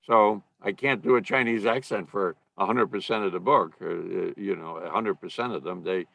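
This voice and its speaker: A man who works as an audiobook narrator, talking as a guest in a podcast interview in a halting way, with many restarts and fillers. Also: low voice, creaky, fairly bright tone.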